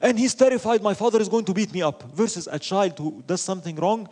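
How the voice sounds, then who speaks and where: This religious teacher has a high-pitched voice and a quick pace. Delivering an Islamic lecture, he tells animated stories, poses rhetorical questions, and weaves in Arabic phrases.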